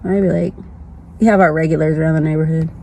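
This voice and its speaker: A woman's voice: sits low, fairly even intonation, quick pace, vocal fry, warm tone, a little hiss or hum. A woman vlogger chatting casually from her car, congested from the flu, rambling and repeating herself. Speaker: lifestyle vlogger. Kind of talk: casual chat.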